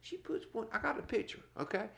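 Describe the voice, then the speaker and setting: A gravelly middle-aged man spins a story for a podcast. His voice swings up and down as he goes, and he laughs as he talks. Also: high voice, expressive, fast talker, a bit bright. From North Carolina, US. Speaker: podcast co-host. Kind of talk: casual storytelling chat.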